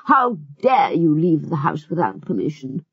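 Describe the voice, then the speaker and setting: A woman's voice: deep voice, big pitch swings, moderate pace, dry recording, heavily acted. A woman voicing a strict middle-aged governess who scolds sharply, in a storybook reading. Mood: stern. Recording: muffled with faint music.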